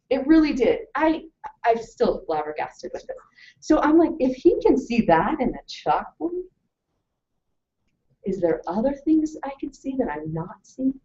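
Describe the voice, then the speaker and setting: A woman presenting a lively talk to a live audience, telling stories and asking questions. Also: mid-range voice. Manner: animated storytelling, asks the audience questions. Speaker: webinar presenter. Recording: distant mic, muffled lo-fi sound.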